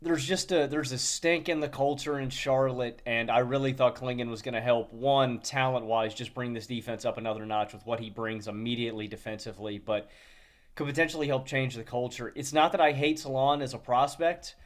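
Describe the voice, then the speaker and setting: A man co-hosting a podcast, chatting casually in a relaxed way with frequent filler sounds. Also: mid-range voice, a little fast. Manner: relaxed, many "uh" fillers and restarts, chuckles. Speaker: podcast co-host. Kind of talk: casual chat.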